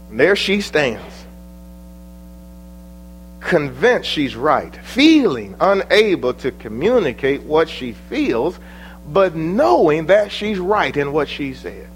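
A man preaching a sermon in a high, lively voice that swings from soaring questions to quiet, low asides. A faint electrical hum runs underneath the recording. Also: takes it slowly. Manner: preaching with rising emphatic questions and sudden soft drops.

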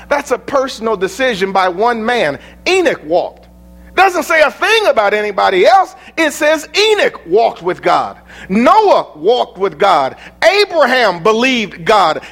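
A man preaching a sermon to young people, emphatic, firing rhetorical questions and shouting out quoted verses. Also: extremely high pitch.

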